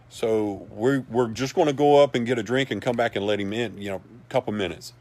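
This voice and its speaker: Brief: a man with a lowish voice, hosting a casual livestream, folksy and rambling. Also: quick pace, few pauses, a little mellow. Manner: rambling and folksy, with many asides. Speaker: livestream host for a paranormal society. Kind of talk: casual storytelling and reading viewer comments.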